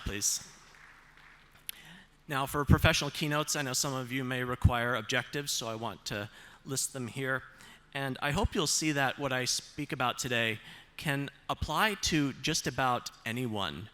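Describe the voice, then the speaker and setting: A man's voice: mid-range voice, bright, forceful tone. A man delivering a conference keynote speech on stage, upbeat and joking as he speaks straight to the audience.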